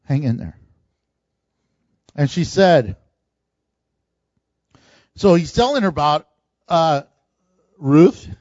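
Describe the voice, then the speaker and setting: High-voiced man preaching a sermon. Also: sing-song, slow pace, pauses often, darkish tone, dry recording. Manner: conversational preaching with chuckles and acted-out quotes. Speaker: pastor. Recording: dull lo-fi dry recording.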